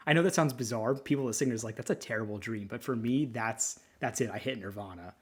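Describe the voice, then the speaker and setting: Husky thirtyish male lawyer, podcast co-host; loose, sentimental, restarts a lot. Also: medium pitch, quick pace. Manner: rambling, candid and sentimental, with frequent restarts. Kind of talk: casual chat.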